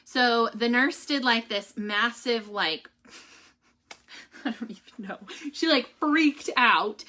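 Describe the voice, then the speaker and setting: Young woman, casual vlog talk, slightly high and bright, full of fillers and restarts. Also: a little slow. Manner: chatty, many fillers and restarts. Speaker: vlogger giving a family update. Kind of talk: casual chat to viewers, reading a devotional aloud.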